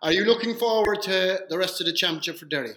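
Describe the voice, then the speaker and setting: A man hosting a casual chat who asks relaxed questions and throws in quips. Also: sits high, quick pace. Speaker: host.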